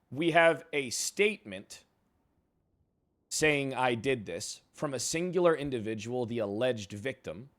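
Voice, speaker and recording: A man's voice: mid-range voice, a bit bright. Heated, profane man recapping a confrontation. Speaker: streamer playing a suspended police chief. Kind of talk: in-character roleplay storytelling.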